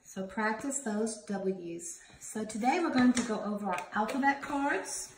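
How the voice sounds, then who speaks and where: A woman teaching young children a phonics lesson in a slow, sing-song teacherly way, sounding out letters. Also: on the high side, a little hiss or hum. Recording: roomy home recording from a distance.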